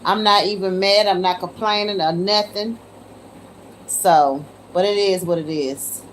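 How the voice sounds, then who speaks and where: A woman hosts a casual livestream from her phone, chatting with viewers, calling them y'all, and prone to disbelieving exclamations. Her voice is medium-pitched and unhurried, with a little hiss or hum in the recording.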